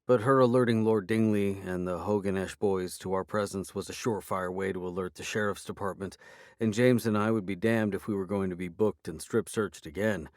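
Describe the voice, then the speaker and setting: A man reading a first-person fantasy novel aloud, in even, dry storytelling on a close microphone. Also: low-pitched, dry recording. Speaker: audiobook narrator. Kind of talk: first-person fiction narration.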